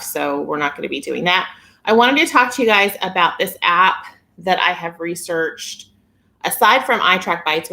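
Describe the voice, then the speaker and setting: Giggly woman chatting on a phone live stream, voice sits a bit low, talks to viewers like friends. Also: sharp tone. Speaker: weight-loss vlogger hosting a live stream. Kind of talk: casual live-stream chat.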